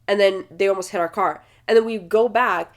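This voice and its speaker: A woman's voice: medium pitch, a little fast. A woman in her twenties co-hosting a podcast, telling a story in a heated way, swearing often and talking over her sister. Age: 20s. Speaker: podcast co-host. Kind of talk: casual storytelling chat.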